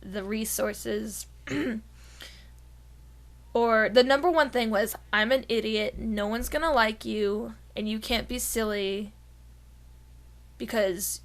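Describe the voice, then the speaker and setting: A woman co-hosting a gaming podcast in casual chat, giggly and animated, often slipping into silly voices. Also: a little high, slow pace, pauses often. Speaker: podcast co-host.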